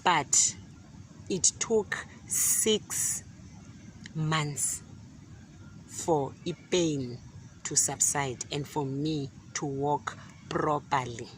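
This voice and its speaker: A middle-aged woman telling a casual story in an animated way, often repeating words and laughing. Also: sits low, a little hiss or hum. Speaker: gardening vlogger. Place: outdoor garden.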